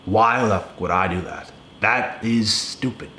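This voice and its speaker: A man's voice: fairly low pitch, measured pace, bright, forceful tone, slight background noise. A young man in a blunt, casual rant to the camera, profane and emphatic, often repeating himself. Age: young adult. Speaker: video creator. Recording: echoey room with faint ambience.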